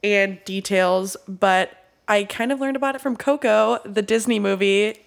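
A woman's voice: mid-range voice, normal speed, creaky. A young woman in her twenties co-hosting a casual podcast, nasal and stuffy from a starting cold, playful and casually swearing. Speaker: podcast co-host.

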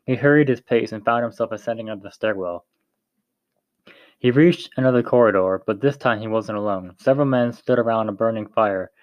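A man's voice: lowish voice, brisk, no room sound, lo-fi sound. A man reading a story aloud in a plain way, with frequent slips and restarts. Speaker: narrator.

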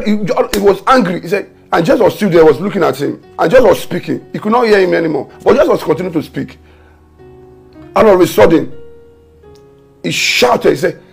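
A male pastor preaches a fervent morning prayer, with a fairly high, gravelly and husky voice. He repeats his decrees and breaks into prayer in tongues. Soft music plays behind him. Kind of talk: online morning prayer sermon. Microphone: home camera setup for an online broadcast.

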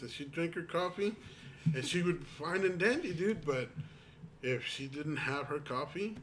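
A man's voice: a little high, very animated, normal speed, fairly bright tone, a little hiss or hum. A man with in his speech, telling stories in a rambling, casual chat with friends. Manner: rambling storyteller, many restarts and quoted asides.

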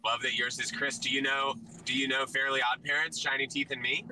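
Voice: medium pitch, flat delivery, fairly quick, distant mic, background noise. A host in a casual chat who rambles, often stopping and restarting sentences.

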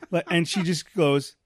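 A man telling a long, self-deprecating story on a casual podcast, full of rambling fillers and restarts. His voice sits a bit high for a man. The sound is close and dry. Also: breathy edge, dry recording. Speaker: podcast co-host.

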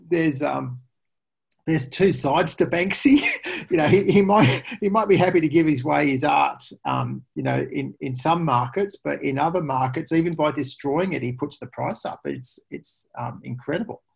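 Guy with a raspy gravelly voice, chatty pricing expert guest, animated stories. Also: fairly high pitch. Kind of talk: conversational interview.

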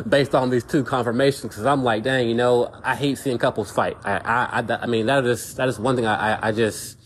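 A man's voice: mid-range voice, steady tone, fairly quick, few pauses. Man, casual podcast monologue, repeats himself, mid-range voice, slight hiss behind. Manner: rambling, repeats words, says "you know what I'm saying". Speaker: podcast host.

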